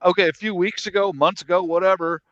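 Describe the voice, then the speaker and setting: A man's voice: high voice, steady tone, fast talker, a bit bright, no echo, highs cut off. An American man in casual chat, blunt and profane, speaking in a dry, offhand way. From United States.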